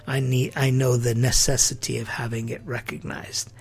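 This middle-aged podcast host speaks at normal speed in a medium-pitched, level voice that is gravelly with a breathy edge. His opinion monologue is incredulous and rhetorical, with quotes acted out along the way.

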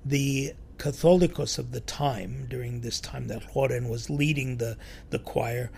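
A man telling a church story in a sermon, lively and acting out the quoted voices. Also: medium pitch, vocal fry, slightly rough. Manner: animated storyteller, acts out quotes.

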